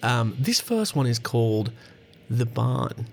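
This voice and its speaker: A man in his thirties with an Australian accent, hosting a podcast in a profane, joking, rambling way and reading spooky stories aloud. His voice is hoarse and going. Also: mid-range voice, very animated, drawn-out words, pauses often, a little mellow, a little hiss or hum. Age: 30s. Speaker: podcast host. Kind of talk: casual comedic podcast monologue and story reading.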